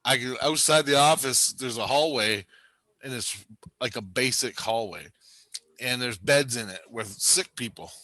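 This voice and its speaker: A man's voice: medium pitch, a little slow, pushed and bright, no room sound. A man telling a rambling, profane story in casual chat, laughing often.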